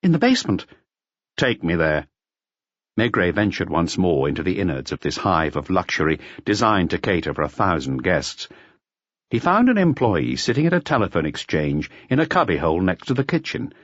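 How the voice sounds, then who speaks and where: A man reading a crime novel aloud in a measured, expressive storytelling manner. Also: sits low, slightly rough, dry recording. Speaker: audiobook narrator. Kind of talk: scripted narration. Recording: dull lo-fi audio, dry.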